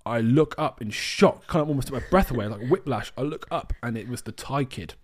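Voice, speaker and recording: A man from the UK co-hosting a podcast, telling a travel story in a rambling, animated way with lots of restarts. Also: medium pitch, brisk. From United Kingdom. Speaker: podcast co-host. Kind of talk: casual storytelling chat.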